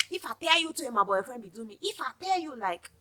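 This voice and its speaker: A woman's voice: sits high, sing-song, fairly quick, bright, forceful tone. Chatty Nigerian woman vlogger. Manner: chatty, emphatic, addresses viewers directly. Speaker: vlogger giving advice. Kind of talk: casual advice monologue.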